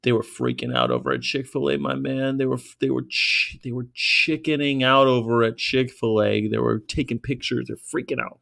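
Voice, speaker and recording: A man's voice: medium pitch, normal speed, creaky, few pauses. Profane, rambling man telling stories. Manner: profane, rambling, excitable storytelling. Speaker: vegan activist vlogger. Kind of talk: casual rambling monologue.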